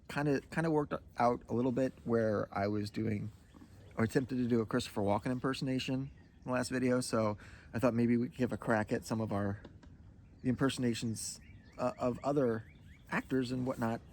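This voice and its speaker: A man co-hosting a relaxed couples' chat at home, rambling and hesitant, with plenty of fillers. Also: medium pitch, brisk, a little hiss or hum. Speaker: co-host of a couples' video. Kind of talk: casual chat.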